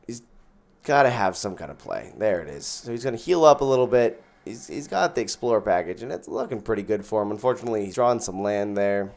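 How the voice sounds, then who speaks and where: A man's voice: fairly low pitch, lively intonation, a little fast, vocal fry, darkish tone. A man giving casual gameplay commentary as host, thinking aloud and counting out his mana as he plays. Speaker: gaming channel host.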